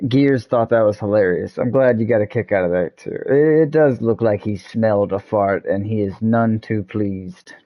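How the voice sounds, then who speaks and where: A man's voice: on the low side, normal speed, few pauses, lo-fi sound. A young man hosting a gaming video, rambling and joking with frequent laughs and swearing. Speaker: gaming channel host. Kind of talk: let's-play commentary.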